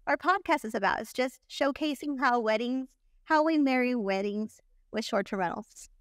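A woman in her forties speaks as a podcast guest, earnest and chatty as she tells her story. Her voice sits a little high and sounds smooth and clear. The recording is close and dry. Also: moderate pace, no room sound. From Texas. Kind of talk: casual interview.

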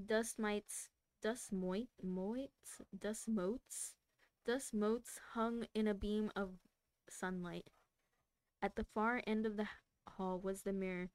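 A woman reads a novel aloud on a livestream in a casual way, tripping over words and starting them again. Her voice is clear and smooth at a middle pitch, picked up dry and close. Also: steady tone, takes it slowly, a little mellow, no room sound. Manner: stumbles and restarts words, laughs at the text. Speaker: streamer reading a book aloud.

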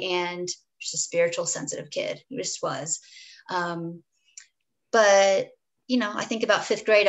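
A woman's voice: mid-range voice, a bit bright, low-quality recording. A woman guest, a dietitian, telling a candid personal story in an interview, earnest and full of restarts and asides. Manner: briefly acts out her past self in quoted speech.

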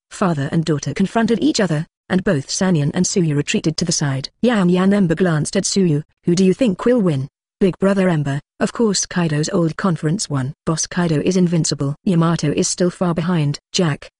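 A text-to-speech audiobook narrator reading a translated novel in a steady, even delivery, with dialogue and narration read alike. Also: mid-range voice, fairly quick, no echo. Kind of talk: flat synthetic audiobook reading.

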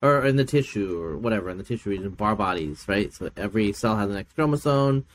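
Man, middle-aged, podcast guest, casual chat, lively pitch, many fillers. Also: fast talker, slight background noise. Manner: animated storyteller, acts out quoted people with big pitch jumps; laughs often, many fillers.

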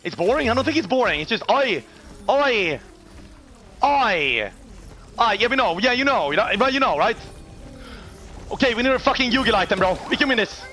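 High, bright-voiced excitable streamer. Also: male voice, normal speed, pauses often, faint music behind. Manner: excitable, sweary, bursts into shouts. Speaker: gaming streamer. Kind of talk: live game-stream commentary.

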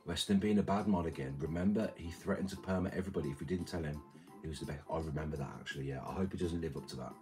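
A man's voice: a bass voice, racing. A man reading out and answering chat on a livestream, rambling with crude, mumbled banter. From Britain. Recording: streamer mic with loud music behind. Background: music playing.

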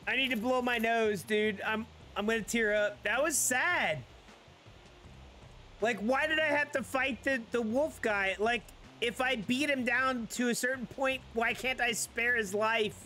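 A woman's voice: on the high side, measured pace, bright, forceful tone. A woman giving casual commentary while playing a game, reacting aloud with emotion and apologizing. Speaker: gamer.

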